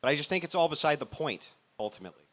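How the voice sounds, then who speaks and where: A man on a podcast panel making his point in a measured, earnest way. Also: on the high side, big pitch swings, fairly bright tone. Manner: measured, earnest, quotes scripture. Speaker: panel guest.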